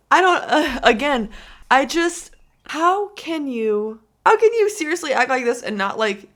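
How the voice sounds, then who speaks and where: A woman's voice: sits high, sing-song, unhurried, a bit bright. A young woman in her twenties giving reaction commentary in a mocking, giggly, incredulous way. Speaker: commentary vlogger.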